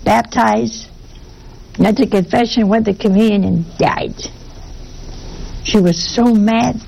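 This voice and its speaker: A woman preaches a sermon at an unhurried pace, her voice carrying a gravelly rasp. She talks in a homey, conversational manner and keeps turning to her listeners with rhetorical questions. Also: mid-range voice, dark tone, a little hiss or hum, rough recording.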